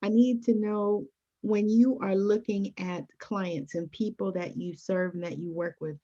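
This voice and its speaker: A woman's voice: mid-range voice, steady tone, a little slow, warm tone. A woman hosting a podcast interview, enthusiastic and chatty with frequent fillers. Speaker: podcast host. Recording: dull lo-fi audio.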